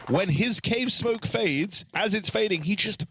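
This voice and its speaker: A man calling a live esports match, with fast, animated and jokey play-by-play. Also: high-pitched, a little hiss or hum. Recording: loud game gunfire behind the voice. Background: game gunfire and clicks.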